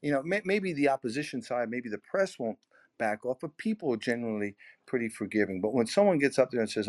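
A brisk, slightly mellow mid-range male voice with lively intonation belongs to a middle-aged man discussing sales on a podcast. The talk is animated and conversational, emphatic and heavy on repeated words, with his pitch swinging as he argues.

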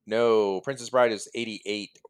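A man hosting a casual podcast chat, animated and laughing often as he tells stories. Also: fairly low pitch, a little slow, clear, resonant tone. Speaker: podcast host.

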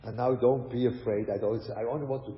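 An older rabbi and lecturer gives a conversational talk on raising children, often posing rhetorical questions and mixing in Hebrew and Yiddish terms. His mid-range voice is quick and fairly even in intonation, captured in a dull lo-fi recording in a hall.

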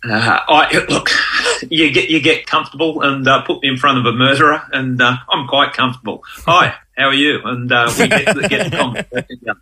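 Brief: ex-detective guest, halting, very bright tone. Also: male voice, mid-range voice, low-quality recording. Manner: halting, many ums and restarts, easygoing. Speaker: guest, former police detective. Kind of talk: casual interview.

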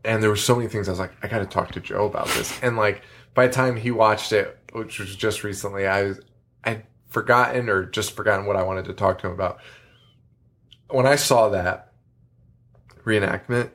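A man's voice: on the low side, steady tone, normal speed, fairly bright tone, slight background noise. A man co-hosting a podcast, chatting casually, rambling and swearing, often laughing. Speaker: podcast co-host. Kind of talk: casual chat.

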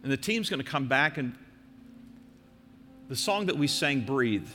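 Older male pastor, earnest exhorting sermon delivery, mid pitch, big reverberant church hall sound. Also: expressive, soft background music. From American Midwest. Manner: earnest, exhorting, slows and softens for emphasis.

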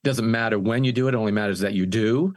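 A man's voice: lowish voice, quick pace. An older man, a singer and music producer, telling his story in a casual interview and often restarting his phrases.

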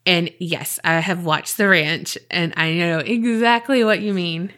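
A woman's voice: on the low side, unhurried, a bit bright. A woman with a Southern US accent co-hosting a podcast, reading a listener's email aloud and then chatting casually with lots of fillers and swearing. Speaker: podcast co-host.

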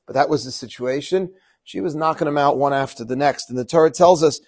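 A rabbi giving a Torah teaching, quoting Hebrew verses and translating them, with frequent rhetorical questions. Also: male voice, fairly high pitch, a little fast. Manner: animated, quotes Hebrew verses then translates; asks rhetorical questions to the audience.

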